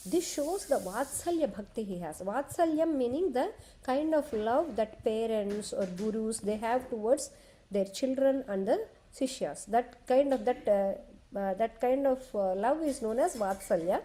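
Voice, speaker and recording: A woman retelling a sacred epic in a devotional discourse, talking conversationally and pausing to explain for children. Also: a little high, animated, warm tone. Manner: conversational, explains to children, frequent restarts and "okay". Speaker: scripture storyteller.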